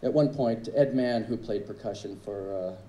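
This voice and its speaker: A man telling his own stories as a drummer at a tribute, relaxed and wry in his delivery. His tone is mellow and somewhat dark, at an average pitch. The sound bounces around an echoey club, with a faint hum of room ambience behind him. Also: normal speed. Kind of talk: anecdotal storytelling speech. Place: live music club stage.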